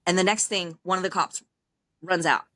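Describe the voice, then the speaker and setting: A young adult woman, a podcast guest, telling her personal story in a casual, animated way, acting out other people's lines with laughs and fillers along the way. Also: lowish voice, normal speed, no room sound. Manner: animated, acts out quoted dialogue, frequent laughs and fillers.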